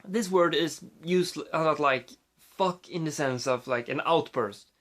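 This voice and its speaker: A man's voice: on the high side, unhurried, fairly bright tone. Rambling Swedish man vlogging on a phone. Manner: rambling, with many fillers and restarts. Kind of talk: casual rambling vlog.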